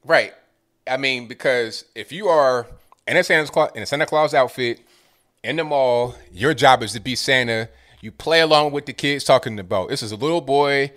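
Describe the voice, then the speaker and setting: A relaxed male co-host talks politics in an easygoing, agreeable way. His voice sits at an ordinary middle pitch, and he often stumbles over the opening words of a sentence. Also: normal speed. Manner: laid-back, agreeable, repeats words. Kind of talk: casual political chat.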